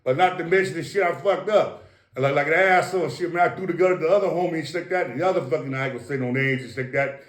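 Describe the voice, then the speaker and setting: A middle-aged man from East Los Angeles spins tales as an interview guest, boastful and profane. His voice sits a little high for a man and throws out punchy sound effects. The room rings with a roomy echo. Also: very fast. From East Los Angeles, USA. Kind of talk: casual storytelling.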